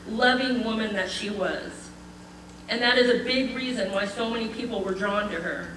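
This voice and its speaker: An older woman reading a prepared eulogy at a memorial gathering, heartfelt and measured, with light laughter. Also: fairly high pitch, a bit bright, far from the mic, slight background noise. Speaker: eulogy speaker. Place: memorial gathering in a community hall. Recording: echoey hall, voice from afar.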